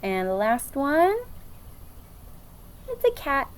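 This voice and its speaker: A young adult woman teaching a children's phonics lesson in an upbeat, encouraging, slow sing-song way. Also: high voice, huge pitch swings.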